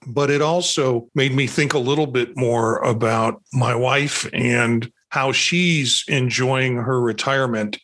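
A middle-aged man telling a casual story in a reflective way. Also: medium pitch. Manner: reflective, warm about his wife. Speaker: group member sharing a story.

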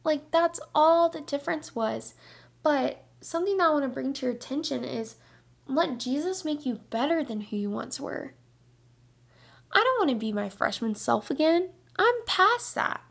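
A young woman hosting a Christian devotional podcast, talking in an earnest, energetic, chatty way with lots of casual fillers. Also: high-pitched, normal speed, creaky. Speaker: podcast host.

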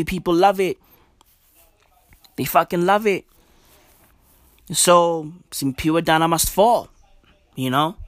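Young man, profane slangy rant, slow and drawn out, dead dry sound. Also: a bit bright, no echo. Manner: drops to low mutters and jumps up high for emphasis. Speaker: vlogger. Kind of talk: casual ranting commentary.

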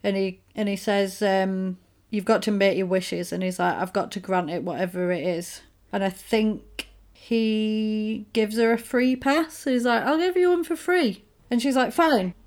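A woman chatting casually, retelling a film plot and acting out the characters' lines. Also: medium pitch. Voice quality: animated storyteller, acts out characters' lines in quick voices. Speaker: podcast co-host recapping a film. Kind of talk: casual chat.

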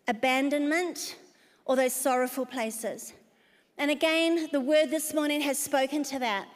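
An older woman preaches with emphatic conviction, calling out to her congregation. Her voice sits high. It rings with the long reverb of a large hall. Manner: emphatic preaching with call-outs to the audience. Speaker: pastor. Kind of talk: sermon.

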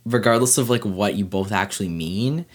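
A man's voice: lowish voice, moderate pace. A man hosting a casual podcast, joking around and teasing his co-host. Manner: playful, joking, laughs easily. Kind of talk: casual chat.

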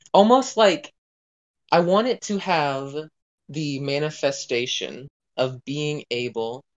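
A tabletop game player who describes their actions hesitantly and often pauses to search for words. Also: mid-range voice, highs cut off.

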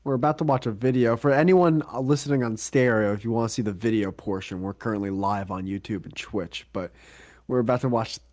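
A man co-hosting a casual podcast, excitable and laughing often, swearing freely. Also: on the low side, brisk. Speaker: podcast co-host. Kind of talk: casual chat.

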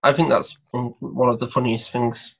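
A man's voice: medium pitch, little pitch movement, moderate pace, vocal fry, a bit bright. A man hosting a casual podcast interview, asking questions in a hesitant, chatty way. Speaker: host. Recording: dull lo-fi recording.

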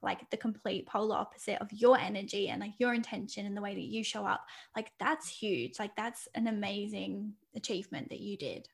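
A woman's voice: medium pitch, brisk, gravelly, hardly any pauses. A woman hosting a podcast interview who affirms her guest in casual chat, leaning heavily on the filler "like". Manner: affirming, leans on the filler "like" often. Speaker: podcast host.

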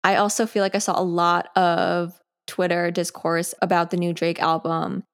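A young woman in her twenties talks through her thoughts on her own podcast. Her voice sits a little low, and her speech is loose and conversational, full of "like" and quick side tangents. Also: little pitch movement. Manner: chatty, sidetracked, frequent "like". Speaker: podcast host. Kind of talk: casual solo podcast talk.

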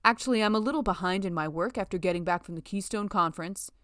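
A woman's voice: medium pitch, fast, a bit bright, no echo, studio quality, natural voice. A woman voicing a condescending male postdoc who talks down to a junior colleague. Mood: dismissive. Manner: dismissive, entitled.

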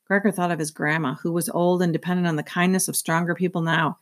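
Woman, chapter book read-aloud, steady narration, slightly low voice. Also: quick pace, few pauses.

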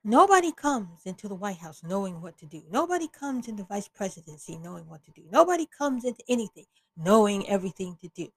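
A woman's voice: medium pitch, sing-song, fast talker, breathy edge, low-quality recording. A woman hosting an opinion podcast, talking bluntly and with exasperation, often restarting her sentences. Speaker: podcast host.

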